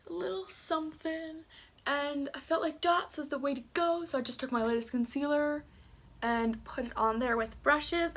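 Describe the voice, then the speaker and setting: A woman with a notably high voice talks the viewer through her makeup step by step. Her tone is chatty and casual, and she pokes gentle fun at herself as she goes. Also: a little hiss or hum. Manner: chatty, self-deprecating, talks while doing makeup. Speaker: beauty vlogger. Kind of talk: casual makeup tutorial chat.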